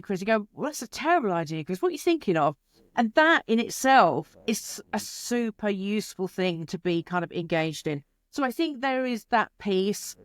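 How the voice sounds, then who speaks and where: A woman, a creativity expert answering interview questions in an animated, chatty way, with quick asides and playful quotes. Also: medium pitch, dry recording, studio quality.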